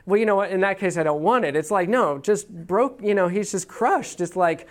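Man telling a lively parenting story. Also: high voice, brisk, few pauses. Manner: animated storyteller, acts out his own quotes with laughs. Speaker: speaker on parenting. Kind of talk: anecdotal teaching talk.

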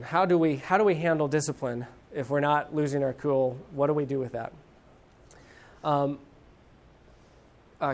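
A middle-aged man teaching a parenting class, talking in a loose, conversational way. He pauses often and fills gaps with ums and uhs. His voice becomes animated when he acts out a parent or a child. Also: fairly high pitch. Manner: conversational, hesitant with fillers, animated when quoting.

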